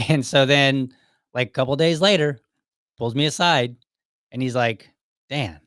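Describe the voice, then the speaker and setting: A man's voice: mid-range voice, moderate pace, a bit bright, no room sound. A man with a mid-range voice hosts his podcast, recounting an old job story in loose conversational fashion. He acts out the back-and-forth dialogue and chuckles now and then. His voice is recorded close and dry, with no room around it. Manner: anecdotal, acts out quoted dialogue, chuckles often. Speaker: podcast host. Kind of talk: casual storytelling monologue.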